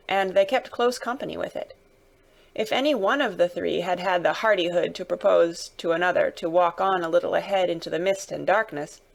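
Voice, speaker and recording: A woman narrating a classic novel, reading dramatically and raising her voice for the characters' shouted lines. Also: fairly low pitch, creaky.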